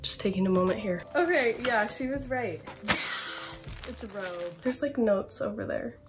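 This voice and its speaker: A woman's voice: mid-range voice, expressive, moderate pace, music in the background. A 21-year-old woman chatting in an unboxing vlog, gushing and rambling with constant "like" and "literally.". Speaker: campus brand rep.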